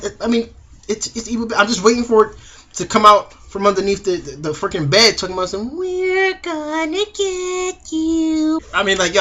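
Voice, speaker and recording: A man's voice: sits high, sharp tone, husky. A young man reviewing a TV episode in a casual, slangy way, acting out the characters' lines.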